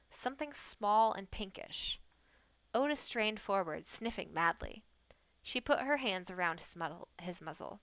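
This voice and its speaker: A woman reading a novel aloud on a live stream, telling the story gently and unhurriedly. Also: mid-range voice, dry recording. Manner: gentle, unhurried storytelling, trying on the characters' lines. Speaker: book reader on a live stream.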